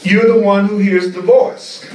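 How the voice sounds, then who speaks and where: A man teaches a spiritual class at an unhurried, deliberate pace, returning to key phrases for emphasis. His voice sits a little high for a man. It is picked up from a distance in an echoey room. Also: steady tone, a little mellow.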